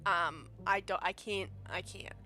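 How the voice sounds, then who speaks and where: Chatty bright-voiced woman gamer. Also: lowish voice, steady tone, a little slow, faint music behind. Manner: chatty, self-deprecating, joking. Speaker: game streamer. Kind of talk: casual let's-play commentary and reading aloud.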